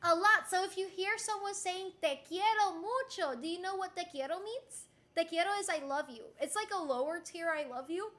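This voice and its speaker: This casual streamer is a young native Spanish speaker running a playful fake Spanish lesson. Her pitch is extremely high, and she giggles while repeating words slowly like an instructor.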